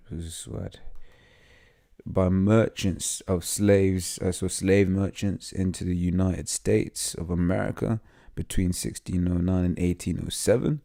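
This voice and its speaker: A man giving an informal scripture teaching, full of fillers and "right?" tags, reading passages aloud haltingly. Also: low voice, vocal fry, mellow. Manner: halting, many fillers and tag questions; reads text aloud haltingly. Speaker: lay preacher.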